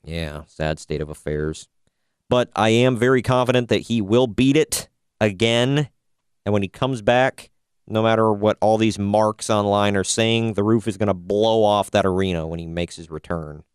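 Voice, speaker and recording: Low smooth voiced guy hosting a chatty podcast, wry and opinionated, dry close mic. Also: moderate pace, no echo. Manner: wry, opinionated, laughs at own jokes. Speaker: podcast host. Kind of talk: casual podcast news chat.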